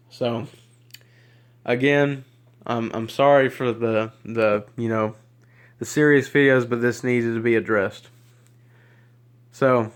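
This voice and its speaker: A Southern-accented man rants into a handheld camera, upset and agitated. He rambles and trips over his words, repeating them as he goes. His voice sits at an ordinary middle pitch for a man. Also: clean tone. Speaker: YouTuber. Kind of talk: ranting to camera. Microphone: handheld camera mic.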